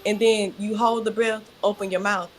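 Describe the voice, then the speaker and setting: A woman yoga teacher guiding a breathing exercise, speaking calmly and instructively and answering politely. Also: medium pitch, normal speed, music in the background, poor audio. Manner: calm, instructive, says "yes, ma'am".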